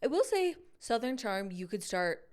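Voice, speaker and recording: A woman's voice: a little high, big pitch swings, moderate pace. A woman co-hosting a podcast, reacting eagerly in casual chat. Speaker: podcast co-host.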